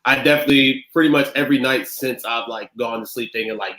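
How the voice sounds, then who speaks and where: A man talking as a podcast guest, halting and reflective, with frequent pauses. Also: mid-range voice, pushed and bright, reverberant, rough recording. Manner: halting, many pauses and fillers. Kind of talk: emotional discussion.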